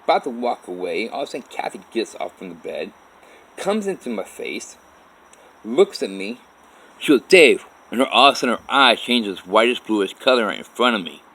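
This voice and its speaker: Low-voiced man telling a rambling story. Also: big pitch swings, brisk, a bit bright, low-quality recording. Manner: rambling, profane, with many restarts. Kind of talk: personal story told to camera.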